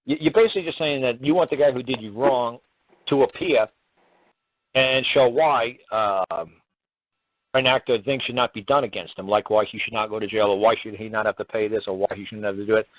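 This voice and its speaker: A man hosts a casual call-in radio show, talking in a plainspoken, rambling way and often repeating his words. His voice sits at an ordinary middle pitch. The sound is dry and squeezed into a thin, phone-like band. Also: a little fast, dry recording.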